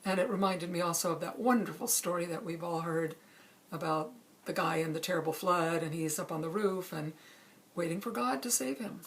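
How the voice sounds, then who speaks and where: A middle-aged woman calmly telling a true personal story, with measured pauses. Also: fairly low pitch. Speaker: speaker sharing a personal story.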